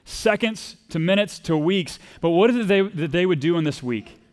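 A man's voice: high voice, lively intonation, normal speed. A man with a Texas accent preaching a sermon in a conversational way, acting out quoted voices and asking the congregation questions. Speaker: pastor.

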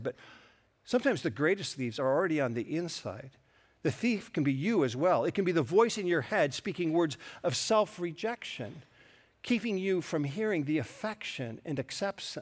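A middle-aged man preaching a sermon, earnest and storytelling, with touches of self-deprecating humor. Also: a little high. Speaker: pastor.

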